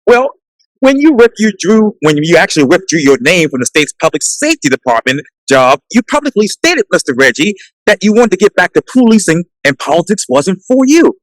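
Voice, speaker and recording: A man with a high, lively voice hosts a one-on-one interview. His questions are formal and respectful. The sound is dry and close, with no room echo. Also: a little fast. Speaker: interview host.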